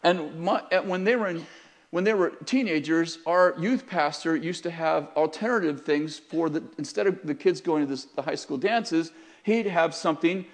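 A middle-aged man preaching with a notably high voice. He delivers his sermon emphatically, rising to loud urgency and dropping to quiet asides, and keeps checking in with his listeners. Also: normal speed. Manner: addresses the congregation directly. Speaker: pastor.

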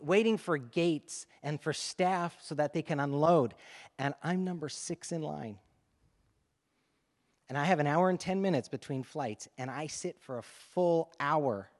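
A male pastor preaching in a relaxed, storytelling way, his voice sitting a little high for a man. He talks to the congregation as if chatting with friends, building the story with energy. The sound carries a long reverb from the church sanctuary. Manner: animated, conversational storytelling to a congregation. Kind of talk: sermon storytelling.

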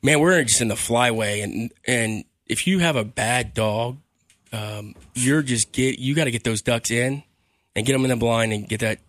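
A man's voice: mid-range voice, no echo, clean studio sound. A man talking casually as a co-host on a radio show, rambling and restarting his sentences. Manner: rambling, halting, repeats words. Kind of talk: casual studio talk. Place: radio studio.

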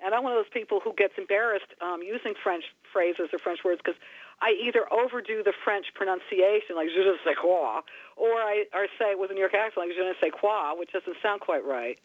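A woman's voice: mid-range voice, brisk, dry recording. Playful woman on a tinny phone line. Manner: playful, laughs while talking. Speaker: co-author guest. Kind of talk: casual chat.

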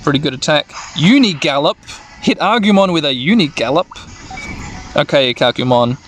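A man's voice: a little high, expressive, moderate pace, a bit bright, a little hiss or hum. A man narrating a video game playthrough, reading the dialogue aloud and adding rambling asides. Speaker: let's-play narrator.

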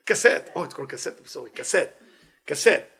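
A man giving a weekly inspirational Torah talk as a teacher, animated and playful, in non-native English phrasing. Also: on the high side, a little fast, husky.

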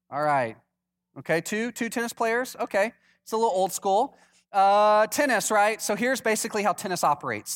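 High-voiced man preaching casually. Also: fairly bright tone. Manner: conversational, asks the congregation questions. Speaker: pastor. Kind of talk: sermon.

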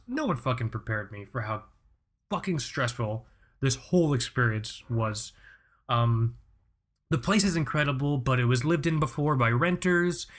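A man hosting a podcast, telling stories in casual chat, swearing a lot, rambling and laughing often. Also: mid-range voice. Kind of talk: casual comedic storytelling.

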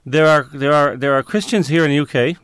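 A man's voice: on the high side, a little fast, a bit bright, clear, resonant tone, no echo, clean studio sound. A man answering interview questions in a conversational way, often searching for words with fillers and restarts. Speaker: interview guest.

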